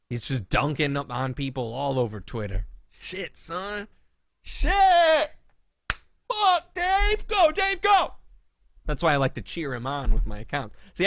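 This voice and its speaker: A man's voice: mid-range voice, no echo. A young man co-hosting a podcast, ranting in a casual comedic way with mocking, sarcastic outbursts. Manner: animated, mocking, swings into loud sarcastic outbursts. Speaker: podcast co-host.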